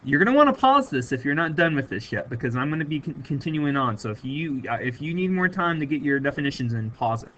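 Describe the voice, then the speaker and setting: A man's voice: a little high, big pitch swings, fast talker, few pauses, a bit bright, highs cut off. A man teaching a recorded math lesson, stressing and repeating key words for his students.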